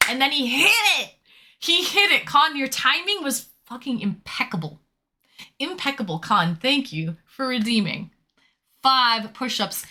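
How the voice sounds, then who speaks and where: Bright, chatty woman streamer. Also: on the high side. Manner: chatty and teasing, reads chat aloud, swears casually. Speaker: live streamer. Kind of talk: casual live-stream chat reading viewer messages.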